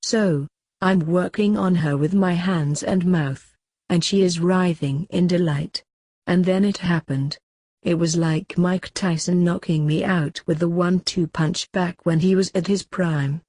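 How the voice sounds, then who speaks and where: Female narrator, slightly low pitch, flat sardonic read of a crude story, very dry room. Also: no echo.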